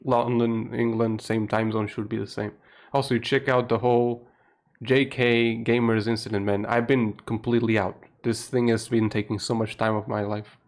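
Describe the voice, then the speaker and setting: A young man from Portugal with a Portuguese accent, keeping his voice low at night while chatting on a live stream, laughing often and swearing casually. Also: flat delivery, moderate pace. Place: home room at night.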